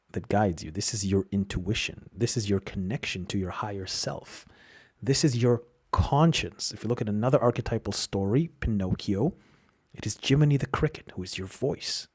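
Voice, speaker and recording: A man's voice: on the low side, expressive, normal speed, a little mellow, breathy edge. A man hosting a solo podcast, talking in a reflective, explanatory way with frequent restarts. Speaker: podcast host.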